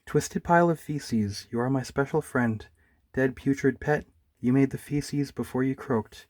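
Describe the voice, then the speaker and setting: A man's voice: medium pitch, a little mellow, dry recording, close to an everyday voice. A man voicing a happy, pushy male bear poet in a bikini, speaking chirpily and wheedling. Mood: poem-reciting. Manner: chirpy and wheedling, poems read slowly.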